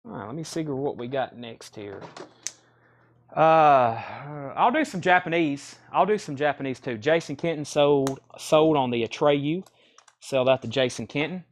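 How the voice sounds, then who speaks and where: A man hosting a live record sale, listing titles and prices in quick auction patter. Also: fairly high pitch, expressive. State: out of breath.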